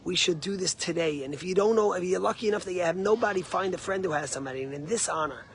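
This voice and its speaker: A male rabbi giving a short sermon with a story. He speaks emphatically and loudly at first, then drops to a quiet, earnest tone. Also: sits high, fast talker.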